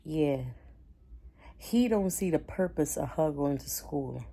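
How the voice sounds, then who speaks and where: Low-voiced woman ranting. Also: expressive, slow pace. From Caribbean. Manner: indignant and chatty, grows loud and heated. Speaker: vlogger. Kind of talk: storytime rant to camera.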